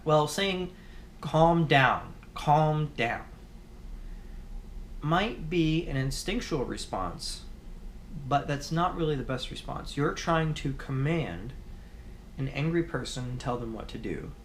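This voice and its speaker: A man's voice: mid-range voice, slight background noise. Man giving a rambling video lecture. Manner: conversational with frequent restarts and filler pauses. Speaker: course instructor.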